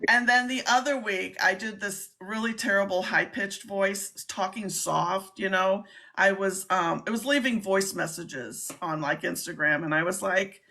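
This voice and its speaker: Middle-aged lady chatting on a livestream, excitable, bright voice with a gravelly edge. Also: mid-range voice, a little slow. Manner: chatty, excitable, laughs often. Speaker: host, scam baiter. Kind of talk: casual live-stream chat.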